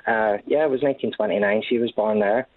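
Scottish man, 30s, lowish voice, halting restarts, phone-like dry sound. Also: steady tone, dry recording. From Scotland. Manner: halting, with many restarts and repeated words. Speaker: guest. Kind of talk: casual conversational interview. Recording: tinny phone-like line.

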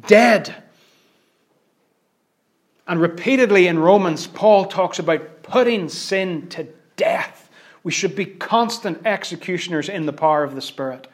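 A man preaching a sermon, his voice sitting a little high for a man. He drives his points home loudly, then drops to hushed near-whispers. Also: measured pace. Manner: dramatic swings from loud emphatic declarations to hushed near-whispers.

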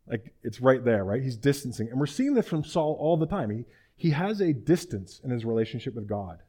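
A man preaching in a relaxed, conversational way, retelling a scripture story in his own words. He often turns to his listeners with rhetorical questions like a teacher checking they follow. His voice sits at an ordinary middle pitch. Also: fairly quick, slightly rough.

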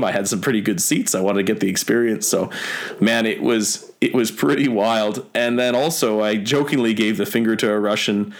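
A man's voice: lowish voice, steady tone, moderate pace. A young Canadian man telling stories in a casual chat, rambling with many fillers and the odd swear word. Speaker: guest.

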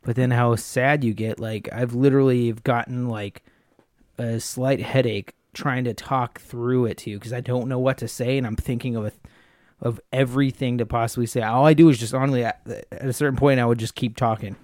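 A man's voice: medium pitch, fairly even intonation, fairly quick, a little mellow, dry recording, studio quality. A young man chatting casually with his girlfriend, rambling and joking about himself. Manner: rambling, self-deprecating, joking. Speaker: boyfriend in couple conversation. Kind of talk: casual couple chat.

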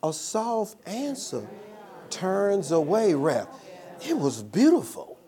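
A man's voice: sits high, wildly swooping pitch, slow pace, dark tone. A man preaching a sermon as pastor, telling a personal story with call-and-response.

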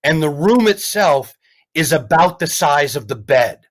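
Brief: fairly high-voiced male comedian, rambling, animated storyteller. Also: measured pace. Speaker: comedian guest. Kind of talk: casual storytelling chat.

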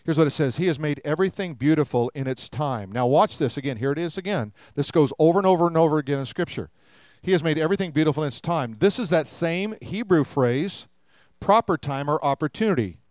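Older male pastor, smooth and conversational. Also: fairly high pitch, brisk, darkish tone, no echo. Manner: conversational, humorous asides, rhetorical questions. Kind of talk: sermon.

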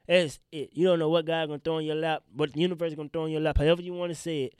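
A congested young man hosts his own podcast, speaking straight to his listeners in loose, animated slang. His voice sits a bit high and stays smooth despite the strain in his throat. The recording is dry and close, with no room sound. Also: racing, no room sound. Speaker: podcast host. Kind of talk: casual solo podcast talk.

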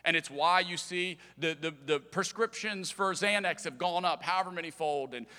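A man, preaching a sermon and telling humorous family stories with big swings in loudness. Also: a little high, normal speed. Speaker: pastor. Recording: large hall with long reverb.

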